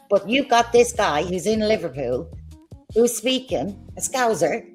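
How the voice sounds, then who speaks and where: A woman's voice: mid-range voice, lively intonation, a little slow, soft background music. A woman ranting on a livestream in a combative, sarcastic way, swearing as she talks. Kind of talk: heated livestream rant.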